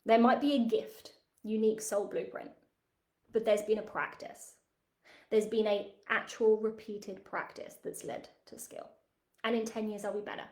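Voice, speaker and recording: A woman in her thirties teaching a spiritual masterclass in a chatty, animated way, often checking in with "right?". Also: medium pitch, normal speed, reverberant. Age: 30s.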